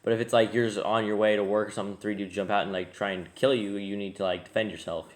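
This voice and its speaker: Fast-talking man peppering speech with "like". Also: on the low side, fairly even intonation. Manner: quick, filler-heavy, lots of "like". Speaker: co-host in a scripture discussion. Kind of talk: casual discussion.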